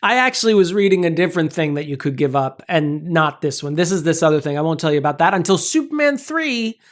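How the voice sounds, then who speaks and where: A man's voice: on the high side, very animated, fast talker. Man joking through a movie podcast. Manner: joking, opinionated, playful asides. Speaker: podcast co-host. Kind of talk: casual chat about movies.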